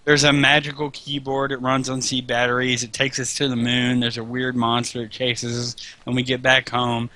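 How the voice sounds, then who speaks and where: A man's voice: medium pitch, completely flat delivery, moderate pace, few pauses, bright, forceful tone. A man chatting casually over a game, joking and swearing as he rambles. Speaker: host. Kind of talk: casual chat over gameplay.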